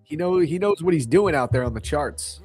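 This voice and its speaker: A man's voice: on the high side, lively intonation, normal speed, a little mellow, slightly rough, soft background music. A young man from New York hosting a casual livestream, laid-back and slangy, joking and reading chat aloud. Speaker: livestream trading host.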